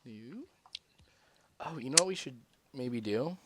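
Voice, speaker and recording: A man's voice: medium pitch, animated, a little slow, very noisy. A man hosting a casual live stream, mostly giving short upbeat reactions. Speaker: stream host.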